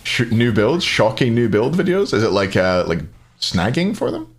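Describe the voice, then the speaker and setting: A man's voice: mid-range voice, sing-song, moderate pace. A Scottish man casting a live esports match, joking and chatting with viewers between plays. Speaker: esports caster.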